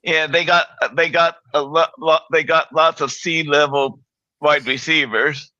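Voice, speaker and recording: A man's voice: on the high side, steady tone, unhurried, bright, forceful tone, no echo, dull audio. A man co-hosting a casual sports talk show, blunt and opinionated, stumbling a little as he talks.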